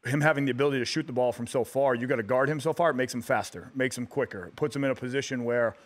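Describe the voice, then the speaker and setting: A man in his thirties, a guest on a radio talk show, telling stories in a relaxed way with many fillers and restarts. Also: mid-range voice, fast talker. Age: 30s. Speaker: guest athlete. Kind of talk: casual radio interview.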